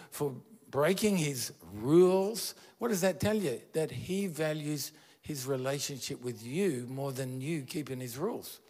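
A man preaching a sermon as pastor, earnest and conversational, asking his listeners questions. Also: on the high side.

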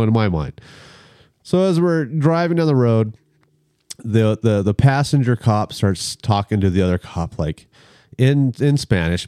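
A man telling a story in a casual chat, animated and acting out the people in it. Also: lowish voice, no echo, studio quality.

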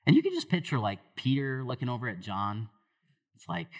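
A man's voice: medium pitch, expressive, fast talker. A man preaching a sermon as pastor, talking casually with asides, then building to emphatic, raised peaks.

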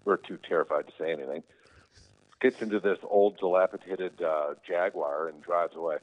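A man telling casual stories, lively, often acting out what others said in raised voices. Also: sits low, moderate pace. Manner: animated, quotes people in raised voices. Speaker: guest telling stories about his brother. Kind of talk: casual anecdotal storytelling. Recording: tinny phone-like line.

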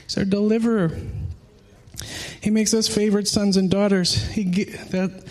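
A man with a notably high voice delivers a sermon in a warm, conversational way. He speaks earnestly and with feeling, weaving personal testimony into his preaching. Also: flat delivery, moderate pace. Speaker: pastor.

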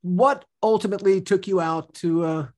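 A man's voice: high-pitched, moderate pace, a little mellow. A man hosting a podcast interview, asking questions in a casual, enthusiastic way. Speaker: podcast host.

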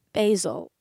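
A woman's voice: mid-range voice, gravelly, warm tone, no room sound, clean studio sound. A woman co-hosting a podcast, teasing her co-host and breaking into laughter during a word game. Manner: giggly, teasing, bursts into laughter. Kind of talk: casual chat, word game.

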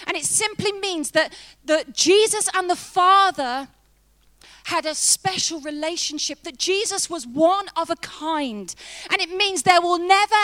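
Lady preaching, high voice, jokey storytelling then big emphatic points. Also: a bit bright. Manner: chatty, humorous, laughs often, emphatic. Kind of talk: sermon with personal story.

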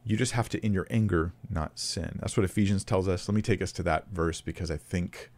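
A preacher with a low, darkish voice talks fairly quickly while giving an informal, conversational Bible teaching. He thinks aloud with fillers and restarts, and his emphasis rises as he reads scripture.

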